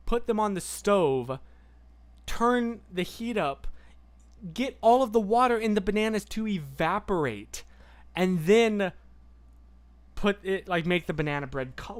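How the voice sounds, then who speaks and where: A man hosting a casual livestream, chatting and answering viewer comments in an excitable, rambling way. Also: high voice. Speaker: livestream host.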